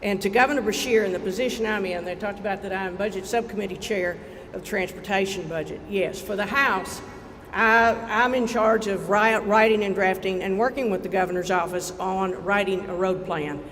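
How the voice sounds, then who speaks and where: A state legislator with an Eastern Kentucky accent giving a heartfelt, folksy dedication speech to a crowd at an outdoor ceremony. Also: male voice, high voice, fairly even intonation, normal speed, a bit bright. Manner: folksy, heartfelt, rising to rallying cries. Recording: reverberant PA with crowd and background noise.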